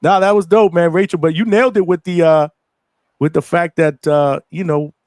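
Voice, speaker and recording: A man hosting a live boxing stream, chatting casually in slang and giving shout-outs to viewers. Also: fairly high pitch, steady tone, normal speed, no room sound, studio quality. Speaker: host of a live boxing show.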